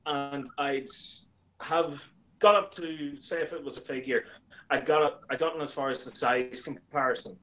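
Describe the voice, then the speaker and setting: A man chatting casually as a guest, an animated storyteller who acts out quoted lines in a higher voice. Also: normal speed, poor audio. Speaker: YouTuber guest. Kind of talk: casual chat.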